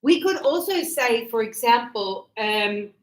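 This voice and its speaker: Female teacher, slow and patient, higher voice, echoey classroom sound. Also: lively intonation. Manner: patient, repeats examples, checks in with "okay?". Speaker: English teacher.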